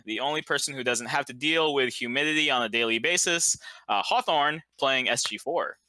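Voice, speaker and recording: A man with a very bright, forward voice narrates a tabletop campaign as game master. He talks loosely with many fillers, slowing down for dramatic beats. The sound is dry and close. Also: mid-range voice, no room sound.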